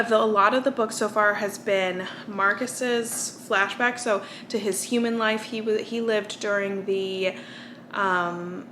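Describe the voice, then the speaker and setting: A woman's voice: mid-range voice, fairly bright tone, a little hiss or hum. Tired, chatty American woman vlogger. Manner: rambling, with fillers and restarts. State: tired from little sleep. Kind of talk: casual chat.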